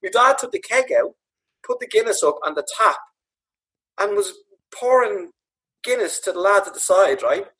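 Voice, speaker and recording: A man's voice: high voice, normal speed, long pauses, slightly rough, poor audio. A man from Ireland with a Dublin accent, telling funny stories about his dad in a casual chat. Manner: animated, laughing, swearing. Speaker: podcast guest, author. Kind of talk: casual storytelling.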